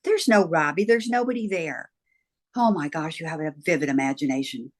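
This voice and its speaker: A woman voicing a brisk mother who brushes off her child's story. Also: low-pitched. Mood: dismissive. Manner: brisk, dismissive.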